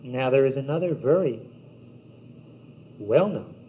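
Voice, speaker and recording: A man giving a yoga teaching talk in a slow, measured, meditative way, with long pauses between words. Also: medium pitch, expressive. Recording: dull old cassette tape with faint hiss.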